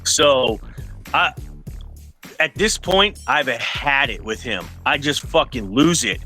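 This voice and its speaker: A man's voice: mid-range voice, takes it slowly, soft background music. A male podcast host telling a story in casual, profane speech, acting out what other people said. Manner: animated, profane, acts out quoted voices. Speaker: podcast host and event promoter.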